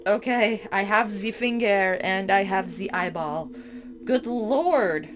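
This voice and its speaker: A woman reads a horror game's text aloud at a mid pitch, stopping now and then for startled, chatty remarks to herself. Steady background noise runs under the voice. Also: slow pace. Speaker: game streamer. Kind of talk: reading a horror game aloud with reactions.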